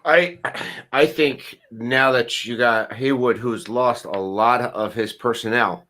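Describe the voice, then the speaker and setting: A man in a casual group chat who pauses and searches for words as he explains. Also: medium pitch, bright, forceful tone.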